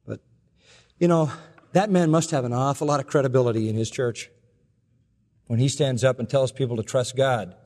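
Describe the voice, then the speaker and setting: A man preaching a sermon, telling stories earnestly and slowing down for the emotional parts. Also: mid-range voice. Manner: earnest storytelling, slows and softens for emotional quotes. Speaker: pastor. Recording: long reverb from a large hall.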